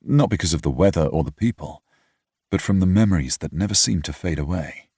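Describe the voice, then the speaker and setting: A man's voice: low voice, expressive, a little fast, dark tone, husky, dry recording, clean studio sound. A young British man narrating a first-person romance audiobook in a reflective, wry, slightly pompous way. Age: young adult.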